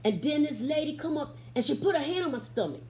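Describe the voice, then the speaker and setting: A middle-aged woman giving an animated, expressive testimony as an interview guest, acting out the quotes in her story. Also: sits high, quick pace. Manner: Southern Black church vernacular, expressive, acts out quotes.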